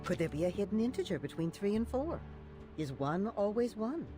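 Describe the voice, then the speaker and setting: A woman's voice: medium pitch, sing-song, a little fast, over music, lightly acted. An actress voicing a philosophical woman in a game, questioning truth and fixed rules. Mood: musing. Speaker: game character. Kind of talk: game voice acting.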